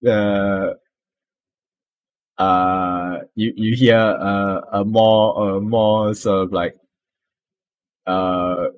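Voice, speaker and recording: A man narrating as game master of a tabletop game, halting and laughing often. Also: fairly low pitch, steady tone, no room sound, lo-fi sound.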